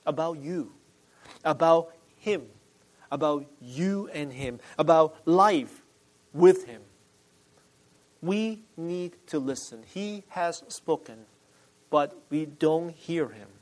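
A male pastor delivering a sermon, emphatic and deliberate, repeating key phrases. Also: a little high, expressive, a little mellow, rough recording.

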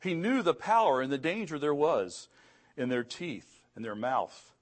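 A man's voice: on the high side, big pitch swings, measured pace. A middle-aged man preaching a sermon in an earnest way, often repeating words, and rising in emphasis on key phrases. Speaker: pastor.

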